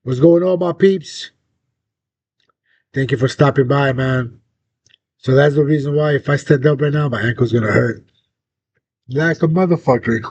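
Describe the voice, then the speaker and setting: A man's voice: moderate pace, long pauses, darkish tone, breathy edge. A young man, hosting a casual chat and telling a story full of slang and swearing. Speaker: host. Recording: dull lo-fi sound with faint rumble.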